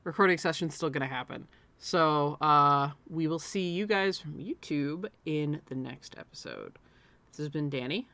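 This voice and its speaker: A woman's voice: deep voice, moderate pace, a bit bright, dry recording. A woman hosting a let's play, chatting casually, giggly and self-deprecating and swearing freely, with game music behind. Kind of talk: casual gaming chat.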